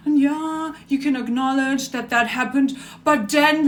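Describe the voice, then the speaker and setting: A young woman, ranting in a video diary, agitated and profane, dropping to low mutters and rising to shouts. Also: unhurried, few pauses. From Germany. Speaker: vlogger.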